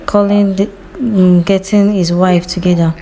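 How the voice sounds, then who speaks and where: A woman's voice: medium pitch, fairly even intonation, unhurried, a crowd in the background. A woman casually retelling a movie's scenes, chatty and quoting the characters' lines as she goes. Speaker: movie recap narrator.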